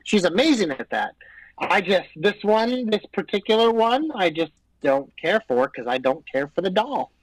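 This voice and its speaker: A high-pitched man trades blunt, profane opinions in a casual podcast chat. His voice sits close to the mic with no room sound at all. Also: sing-song, moderate pace, dry recording, low-quality recording. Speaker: podcast co-host. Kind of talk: casual chat about pro wrestling.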